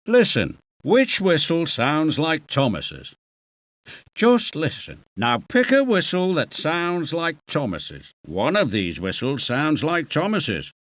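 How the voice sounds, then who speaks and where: A man's voice: on the high side, huge pitch swings, slow, a bit bright, no room sound. A man from the UK giving patient, encouraging instructions as narrator of a children's game, recorded in a studio. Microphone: close studio mic.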